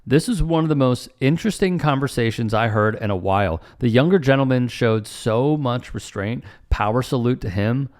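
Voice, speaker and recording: A man's voice: medium pitch, lively intonation, moderate pace, few pauses. Indignant man giving news commentary. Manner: indignant, emphatic, sarcastic. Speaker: commentary host.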